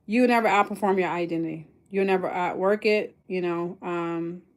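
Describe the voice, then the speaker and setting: A woman hosting a casual livestream about mindset and income, chatty and rambling with many fillers, growing excited and emphatic. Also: fairly low pitch, moderate pace. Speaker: online business coach hosting a livestream.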